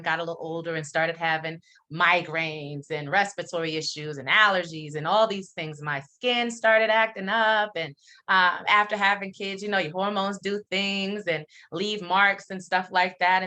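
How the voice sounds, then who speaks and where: A middle-aged woman, a guest in a casual interview, telling a personal story in an animated, candid way, often pausing on "um". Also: mid-range voice. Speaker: interview guest, company founder.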